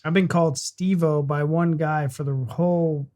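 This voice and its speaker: A man's voice: fairly high pitch, fairly even intonation, normal speed, mellow. A man from the United States, co-hosting a reaction video with laid-back, mock-boastful jokes. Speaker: reaction channel co-host. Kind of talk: casual reaction chat.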